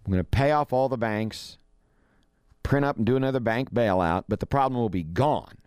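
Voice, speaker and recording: A man's voice: mid-range voice, moderate pace, a little mellow, clear, resonant tone, no echo, clean studio sound. A man giving casual, opinionated commentary, folksy and blunt, often acting out what others say in a raised voice. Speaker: financial commentator.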